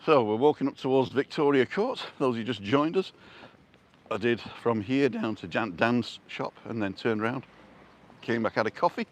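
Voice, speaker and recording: A man's voice: medium pitch, lively intonation, normal speed. An older man live-streaming on a street walk, chatting casually and answering viewers' comments as he goes. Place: outdoors on a street.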